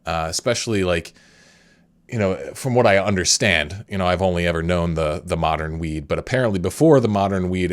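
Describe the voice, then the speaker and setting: A man hosting an interview podcast, talking in a relaxed, rambling way with many fillers. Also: deep voice. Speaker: podcast host. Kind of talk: casual interview chat.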